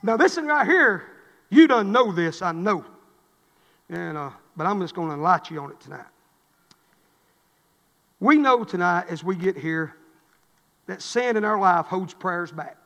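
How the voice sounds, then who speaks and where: A middle-aged man, a pastor preaching a sermon, swinging between fervent, rising exhortation and quiet storytelling. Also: sits high, expressive, a little slow, vocal fry, pauses often, big-room sound. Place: church.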